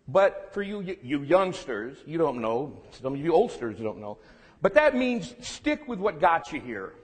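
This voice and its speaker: A man's voice: on the high side, big pitch swings, a little slow, husky. A man from California giving a candid, self-deprecating and humorous lecture to students, mixing warnings with family stories. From California, United States. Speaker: guest lecturer. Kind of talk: public lecture with storytelling. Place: lecture room. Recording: long reverb in a lecture room.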